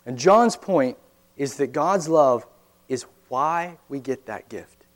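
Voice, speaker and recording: A man's voice: medium pitch, expressive, slow pace. A man preaching a sermon in an earnest, conversational way, often asking his listeners rhetorical questions. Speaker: pastor.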